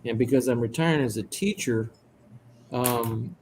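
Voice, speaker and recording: A man in his sixties talks in a halting, stop-start way during a casual group chat. Clear clicking noises come through behind his voice. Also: mid-range voice, darkish tone, slight background noise, rough recording. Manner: halting, with fillers. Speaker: chat participant.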